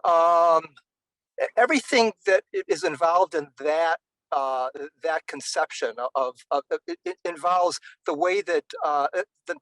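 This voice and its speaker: A man in an academic discussion who talks in a halting, professorial way, full of restarts and fillers. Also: fairly high pitch, a bit bright, dry recording, rough recording. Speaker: interviewee.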